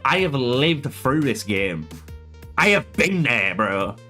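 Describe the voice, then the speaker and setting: A man's voice: medium pitch, sing-song, slow pace, pushed and bright, soft background music. A man streaming a game live, chatting casually with viewers, swearing a lot, laughing often and calling them bro. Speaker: gaming streamer.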